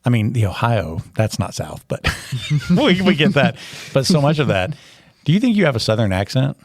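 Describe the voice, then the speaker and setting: A man's voice: mid-range voice, very animated, moderate pace, no echo. Chatty jokey man, dry close sound. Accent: general American. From Tennessee. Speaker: teacher and podcast host. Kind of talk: casual interview chat.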